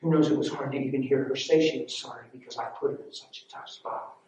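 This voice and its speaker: A man preaching and telling his own testimony, emotional and storytelling, swinging between loud and hushed. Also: mid-range voice, fairly even intonation, quick pace, muffled recording. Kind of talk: sermon. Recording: echoey hall from far off with faint noise.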